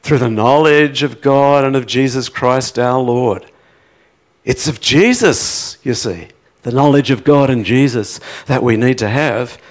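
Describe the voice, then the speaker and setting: A man preaching a sermon, rising to impassioned pleading peaks and then dropping to a quiet, reflective tone. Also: medium pitch, unhurried. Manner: acts out prayers in a pleading voice.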